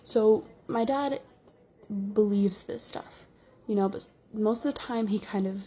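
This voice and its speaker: A woman's voice: medium pitch, unhurried, mellow, husky. A woman telling a casual story-time vlog tale, chatty and full of fillers. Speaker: vlogger. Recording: dull lo-fi recording.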